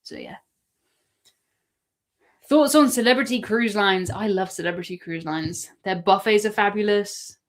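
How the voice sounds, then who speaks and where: Speaking in a mid-range voice, she takes her time and leaves long pauses. She's an English cruise live-stream host from England, casually answering viewer questions and often breaking into laughter.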